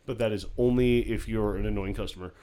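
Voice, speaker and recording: A man's voice: lowish voice, fairly even intonation, quick pace, dark tone, clean tone. A man in his forties talking shop about the beer business in a casual podcast chat, matter-of-fact and explanatory, with some swearing. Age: 40s. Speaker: beer sales veteran.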